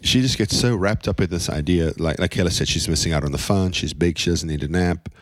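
Low-voiced man in a dry studio. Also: a little fast, no room sound. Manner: joking, storytelling with quoted voices. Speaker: podcast co-host. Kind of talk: casual parenting chat.

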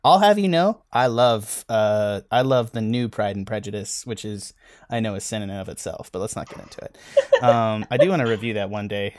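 A man's voice: on the low side, normal speed, dry recording. A man chatting casually as a podcast film reviewer, rambling and self-deprecating with many restarts.

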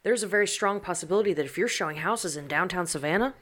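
A woman's voice: on the low side, quick pace, a bit bright. A woman co-hosting a podcast in a blunt, teasing way, swearing casually while she keeps an eye on the live chat.

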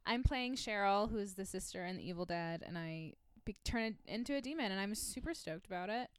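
Chatty young woman with a clear voice. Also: mid-range voice, a little fast, no room sound. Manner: chatty, animated, swears freely. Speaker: podcast host, storyteller. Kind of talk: casual chat.

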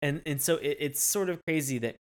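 A woman co-hosting a podcast in casual chat, animated and swearing freely, jumping into mocking quotes. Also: low voice, brisk. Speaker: podcast co-host.

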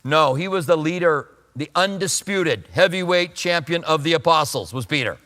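A man's voice: a little high, expressive, moderate pace, bright, forceful tone, in a large hall. A man preaching a sermon in a conversational way, acting out the voices he quotes. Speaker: pastor.

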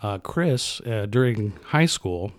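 A man's voice: on the low side, expressive, slow pace. A man co-hosting a casual podcast chat, jokey and fond of quoting films. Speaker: podcast co-host.

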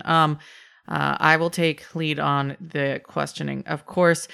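Bright, crisp woman player. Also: sits low, flat delivery, takes it slowly.

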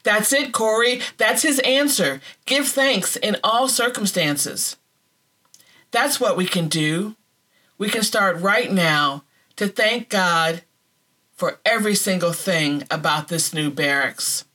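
A woman reading the part of a devout, serene older sister who speaks gently and matter-of-factly. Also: medium pitch, slow. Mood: earnest. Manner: gentle, matter-of-fact, quietly insistent.

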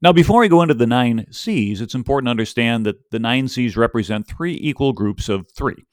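A man's voice: medium pitch, expressive, fairly quick, dry recording, clean studio sound. Upbeat man hosting a podcast. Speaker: podcast host. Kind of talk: scripted podcast narration.

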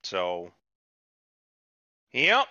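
A man rambles through a story on a podcast, swearing freely and jumping his pitch up whenever he quotes a character. His voice has a bright, forceful edge. The recording is dry and slightly muffled. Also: huge pitch swings, extremely slow, no echo. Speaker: podcast co-host. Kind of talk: casual chat, retelling a TV episode.

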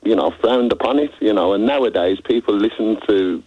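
A man with a lowish voice talks in a laid-back, rambling way, dropping "you know" into nearly every thought. He sounds like a musician guest on a radio interview. The sound is dry and a little dull. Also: fairly quick, husky, no room sound. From England. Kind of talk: relaxed interview chat.

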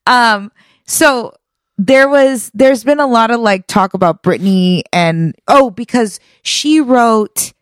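A woman co-hosting a podcast in casual chat, animated and laughing often as she tells stories. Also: fairly high pitch, slow, long pauses, no room sound. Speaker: podcast co-host.

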